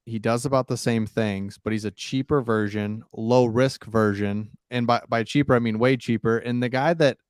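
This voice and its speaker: A man co-hosts a casual sports talk show in a loose, filler-heavy way. He slips in dry jokes. His voice is mid-pitched and sounds dry and close to the mic. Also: fairly even intonation, moderate pace, hardly any pauses, smooth, dry recording. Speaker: sports podcast co-host.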